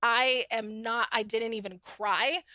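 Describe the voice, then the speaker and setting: Woman, middle-aged, podcast guest, casual storytelling, acts out quotes, sharp bright tone. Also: a little high, takes it slowly, dry recording. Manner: animated, acts out quoted dialogue. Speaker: podcast guest telling her own story.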